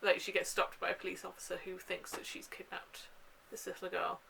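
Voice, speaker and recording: A woman's voice: on the low side, monotone, a little fast, gravelly, bright, forceful tone, a little hiss or hum, rough recording. Chatty young woman gushing over books. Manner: chatty and gushing, with frequent fillers. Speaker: book vlogger. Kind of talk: casual book haul chat.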